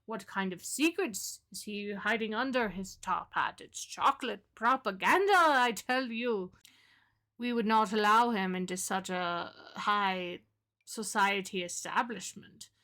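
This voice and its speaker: Woman putting on a pompous British gentleman. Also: mid-range voice, unhurried. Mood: haughty. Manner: pompous, affected drawl. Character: posh, pompous, menacing male gentleman.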